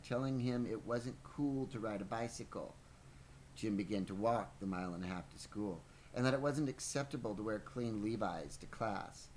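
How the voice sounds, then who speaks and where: A man's voice: lowish voice, darkish tone, slight background noise, rough recording. A man reading a book aloud on a podcast, stumbling now and then and breaking off for playful asides. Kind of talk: live book reading with banter.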